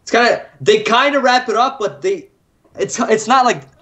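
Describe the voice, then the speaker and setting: A woman's voice: a little high, expressive, moderate pace, fairly bright tone. A woman on a casual manga podcast call, talking hesitantly with many restarts. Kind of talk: casual group chat over a call.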